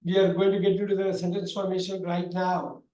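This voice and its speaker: A man teaching an online grammar class, talking loudly and repeating himself with many fillers. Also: high voice, little pitch movement, a little fast, dull audio. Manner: loud, repetitive explaining with many fillers. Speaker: English teacher. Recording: echoey room.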